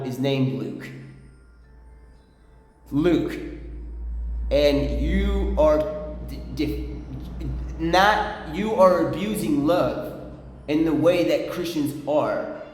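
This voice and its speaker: A man telling a rambling story to the camera, often dropping into a low, intense tone. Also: a little mellow, heavy reverb, big-room sound. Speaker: vlogger.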